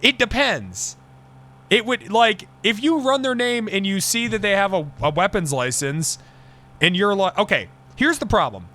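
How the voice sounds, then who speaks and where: A man streaming a roleplay game in character, ranting excitably and swearing a lot. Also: sits high, moderate pace. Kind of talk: casual in-character roleplay chat.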